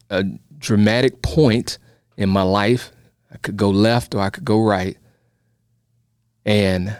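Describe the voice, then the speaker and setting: A man's voice: on the low side, darkish tone, no room sound, clean studio sound. A man, a minister, telling his own story in a sermon and encouraging his listeners. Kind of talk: testimony sermon.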